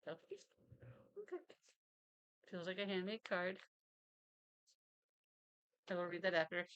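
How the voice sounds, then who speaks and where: A woman's voice: fairly low pitch, smooth, muffled recording. Chatty woman at her craft desk. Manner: chatty, rambling, laughs often. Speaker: vlogger. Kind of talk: casual chat.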